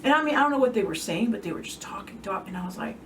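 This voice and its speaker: A woman hosting a podcast, chatting casually, reacting with laughs and telling her own stories. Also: medium pitch. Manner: lively and laughing, quick to react. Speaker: podcast host. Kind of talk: casual interview chat. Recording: distant mic with faint room noise.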